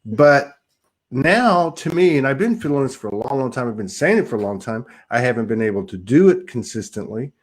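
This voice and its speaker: A man's voice: medium pitch, very animated, a little fast. A man hosting a casual spiritual chat, earnest and affirming, often agreeing with his guest. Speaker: host.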